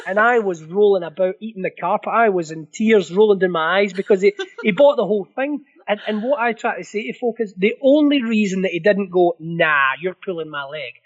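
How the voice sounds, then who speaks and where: High-voiced Scottish man telling stories. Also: animated, brisk, few pauses, muffled recording. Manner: laughs through his story, repeats words. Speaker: guest storyteller. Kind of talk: animated anecdote telling.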